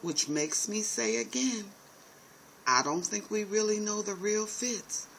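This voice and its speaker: A man's voice: high-pitched, slow, gravelly, a bit bright, a little hiss or hum, low-quality recording. A man giving a sassy, chatty TV episode recap, calling his viewers honey and baby. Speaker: TV recap host. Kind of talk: casual TV recap commentary.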